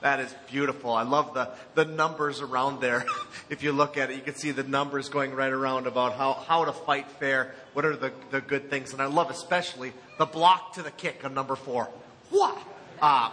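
A middle-aged male pastor with a high, bright, ringing voice gives a chatty, joking sermon, often laughing between thoughts. His voice rings out with a long reverb in a church sanctuary. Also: expressive, normal speed.

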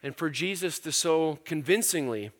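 A man's voice: fairly high pitch, lively intonation, moderate pace. A middle-aged man preaching a casual, earnest sermon, with fillers and repeated words as he explains scripture. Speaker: pastor. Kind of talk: conversational sermon.

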